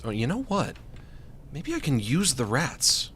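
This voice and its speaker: A man's voice: mid-range voice, very animated, measured pace, fairly bright tone, slight background noise. Jokey rambling male game streamer. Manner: rambling and jokey, panicky yelps when chased. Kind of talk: let's play commentary.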